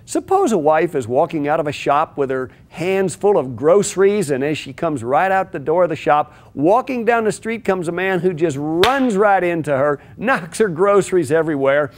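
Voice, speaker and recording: Earnest male marriage teacher, higher pitch. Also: expressive, normal speed, few pauses, a little hiss or hum. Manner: earnest, storytelling. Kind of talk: teaching talk with illustrative story.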